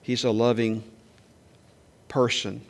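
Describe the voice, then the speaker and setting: A man preaching a sermon in a conversational way, asking the congregation questions and acting out quoted lines louder and higher. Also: level tone, slow pace, creaky. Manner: acts out quoted speech with raised pitch and volume. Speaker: pastor.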